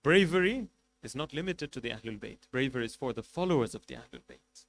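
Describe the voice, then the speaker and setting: A man preaching a sermon, telling a story with passion, swinging between loud emphasis and quiet asides, and reciting Arabic quickly before translating it. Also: mid-range voice, animated, slight background noise. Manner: recites Arabic passages rapidly, then translates. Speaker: sheikh preaching at a mourning gathering.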